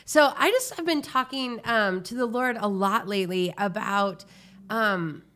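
A woman's voice: mid-range voice, measured pace, a bit bright. Earnest woman pastor chatting about faith. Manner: earnest, reflective, many fillers. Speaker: pastor and co-host. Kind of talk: casual faith chat.

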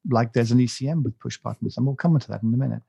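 A man's voice: mid-range voice, very fast, gravelly, warm tone, slightly rough, no room sound. A man co-hosting a podcast, chatting casually in a rambling, self-mocking way with many fillers and restarts. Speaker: podcast co-host. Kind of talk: casual chat.

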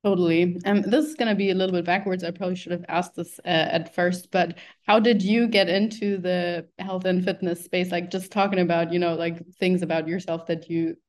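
A woman's voice: on the low side, steady tone, fairly quick, hardly any pauses, darkish tone. A woman hosting an interview, talking earnestly and posing direct rhetorical questions. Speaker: podcast host, interviewer. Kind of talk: casual interview talk.

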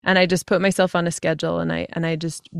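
A woman in her thirties, a fantasy author talking as a podcast guest, chatty and full of quick asides. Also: lowish voice, level tone, gravelly, clear, resonant tone, no echo, studio quality. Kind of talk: casual podcast conversation.

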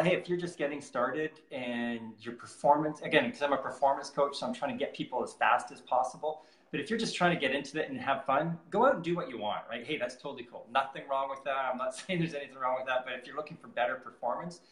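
A man's voice: medium pitch, brisk. A man who works as a triathlon performance coach, talking casually and with energy in an interview and laughing easily. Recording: roomy echo.

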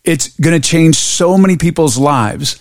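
A man's voice: a little high, unhurried, no room sound, clean studio sound. A man hosting a podcast, upbeat and encouraging, stressing his points with emphasis. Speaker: podcast host, mentor.

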